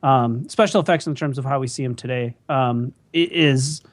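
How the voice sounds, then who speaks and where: A man's voice: mid-range voice, normal speed, no echo. A man in his thirties co-hosting a casual film podcast from home, rambling with many ums and restarts as he makes his case. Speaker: podcast co-host.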